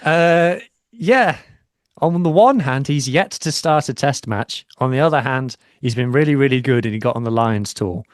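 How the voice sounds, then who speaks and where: A man co-hosting a casual podcast, chatty and a little self-deprecating. His voice sits at a middle pitch, and the recording is dry and close. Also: lively intonation, moderate pace, no echo. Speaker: podcast co-host. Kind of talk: casual chat.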